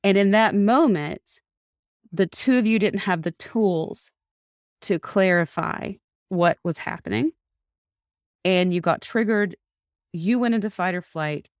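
Low-voiced woman coaching a couple. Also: slow, pauses often, clean tone, no echo, clean studio sound. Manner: explains step by step, repeats key words, reflects back what she hears. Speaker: couples therapist and podcast host.

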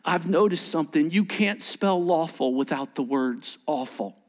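A man preaches with a voice on the high side at a normal speed, performing dialogue as he goes. His delivery alternates between booming bursts and quiet near-whispers.

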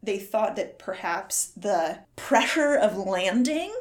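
A woman co-hosting a laid-back movie podcast, recounting scenes with lively energy and the odd swear. Her pitch sits mid-range, and she talks in a loose, conversational way. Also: slow pace. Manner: animated retelling with acted-out quotes, swears casually. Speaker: podcast co-host. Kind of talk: casual movie recap chat.

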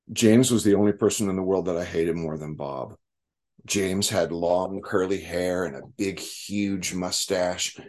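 Man, low voice, candid recovery story, profane, acts out quotes. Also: darkish tone. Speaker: recovering alcoholic sharing his story. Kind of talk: personal recovery story told to a group.

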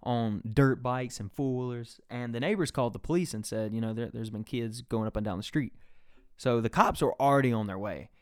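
A man's voice: mid-range voice, fairly quick, clear, resonant tone, dry recording, studio quality. A young man hosting a podcast, telling a rambling, profane story in casual chat. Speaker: podcast host.

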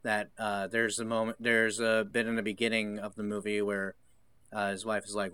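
A man's voice: on the low side, monotone, normal speed, bright, forceful tone, clear, resonant tone, no echo. A man co-hosting a casual film discussion, thoughtful and digressive, acting out quoted lines. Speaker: podcast co-host.

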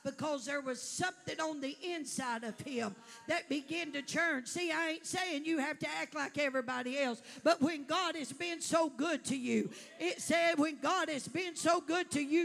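A woman preacher delivering a fervent sermon to a congregation, building up to shouts. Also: high voice, vocal fry.

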